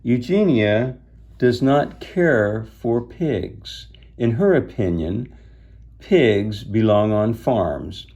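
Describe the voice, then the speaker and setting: A man's voice: lowish voice, animated, extremely slow, warm tone, breathy edge, muffled recording, heavily acted. A man reading aloud and voicing a timid, fussy elderly lady who speaks politely and fretfully.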